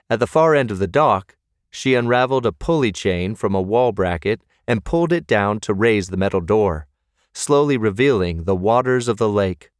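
Male audiobook narrator, fairly low voice, close dry read. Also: no room sound. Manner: measured storytelling.

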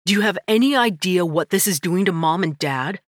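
A woman's voice: on the low side, lively intonation, brisk, no echo, studio quality, close to an everyday voice. A woman voicing a snarling, domineering brother. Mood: angry. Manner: snarling, curt and swearing. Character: angry, domineering adult brother.

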